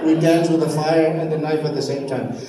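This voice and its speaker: A man's voice: on the high side, fairly even intonation, a little fast, mellow. A man from Samoa, hosting a live cultural stage show, joking and leading the crowd in call-and-response. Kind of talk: live stage presentation to an audience. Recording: echoey venue, distant mic, background noise.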